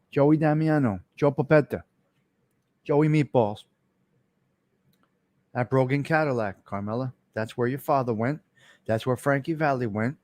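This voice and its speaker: A man's voice: a little high, darkish tone, no echo. A middle-aged man, hosting a casual live stream and telling rambling, repetitive stories, cursing freely and answering viewers by name.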